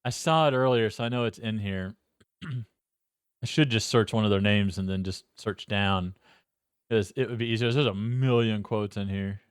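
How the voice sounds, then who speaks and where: A man's voice: lowish voice, normal speed, clean tone, no room sound. Brief: male podcast co-host, casual film talk, giggly, dry close recording. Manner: laughs often, searches script while talking. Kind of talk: casual film review chat.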